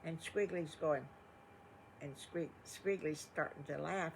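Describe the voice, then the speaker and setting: A woman's voice: low-pitched, a little slow, creaky, noisy background. An older woman telling improvised children's stories, folksy and rambling. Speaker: grandmother storyteller. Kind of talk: improvised bedtime storytelling.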